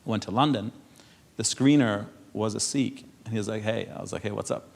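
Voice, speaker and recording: A man with a lowish voice who grew up in Europe speaks to an audience. He tells stories casually, laughing often and restarting his words. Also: fairly quick, gravelly. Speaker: speaker at a public panel. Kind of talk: conversational speech to an audience.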